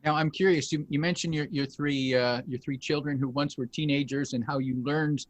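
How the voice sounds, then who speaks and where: A man hosting an interview, asking questions with halting restarts and chuckling along with his guest. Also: fairly high pitch, fairly even intonation. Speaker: interview host. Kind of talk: conversational interview.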